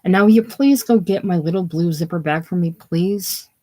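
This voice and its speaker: A person voicing Isabel, a prim young bride who sounds huffy and upset and speaks in a sharp, scolding way, during a play reading. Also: mid-range voice, moderate pace, lightly acted.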